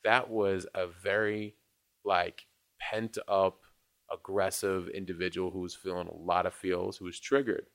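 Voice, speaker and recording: A man's voice: sits low, level tone, unhurried, fairly bright tone, no room sound, clean studio sound. A man from New York telling stories in a casual chat, rambling and acting out what people said. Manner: rambling storyteller, acts out quotes, laughs often.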